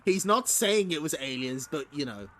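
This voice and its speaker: A man's voice: a little high, lively intonation, normal speed, sharp tone, soft background music. A man hosting a stream, reading a comic aloud and making casual, wry asides with frequent laughter. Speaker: streamer host. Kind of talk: casual comic read-along commentary.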